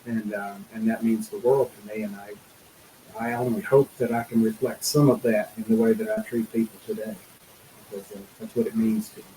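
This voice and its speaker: A man's voice: fairly low pitch, flat delivery, dark tone, roomy sound, a little hiss or hum, poor audio. Earnest man telling his recovery story. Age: middle-aged. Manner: earnest, halting, with many fillers and restarts. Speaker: guest. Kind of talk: storytelling interview.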